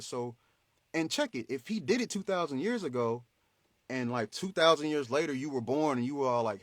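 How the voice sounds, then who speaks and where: A man hosting a motivational faith talk, animated and preachy, in a slangy, conversational way. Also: medium pitch, moderate pace, no echo, clean studio sound. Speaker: host.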